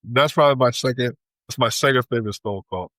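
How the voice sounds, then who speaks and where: A man's voice: medium pitch, fast, a bit bright, no room sound, low-quality recording. A man co-hosting a casual barbershop-style podcast. He rambles and laughs often. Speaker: podcast co-host.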